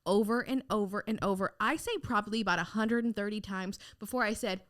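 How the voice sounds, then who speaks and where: A young woman chatting as a podcast guest, her pitch sitting right in the middle of the range. She tells stories with lively energy and slips into voices when she quotes people. Her talk is frank and casual, with a curse now and then. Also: fast. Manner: animated storyteller who acts out quoted lines. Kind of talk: casual interview chat.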